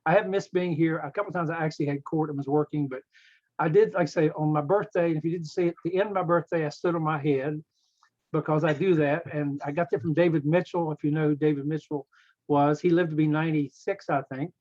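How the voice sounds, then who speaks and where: A man's voice: on the high side, fairly even intonation, fast talker, darkish tone. Chatty older man on dull audio. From West Virginia. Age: 70s. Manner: rambling, chatty storyteller. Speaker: club member. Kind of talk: casual meeting chat.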